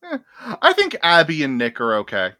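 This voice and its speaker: A man's voice: a little high, wildly swooping pitch, normal speed, pushed and bright, dry recording, studio quality. A man chatting casually and enthusiastically, often laughing. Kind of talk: casual chat.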